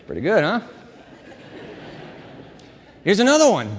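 Male pastor preaching in a high-pitched, dramatic voice, recorded with long church-hall reverb. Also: a little fast, long pauses. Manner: animated, dramatic delivery with shifting volume. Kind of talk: sermon.

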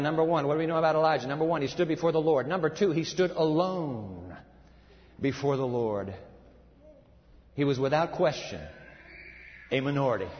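A high-voiced man preaches with emphatic swings from booming to hushed. His voice carries a long reverb from a large hall, and the sound is slightly dull. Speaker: pastor. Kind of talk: sermon.

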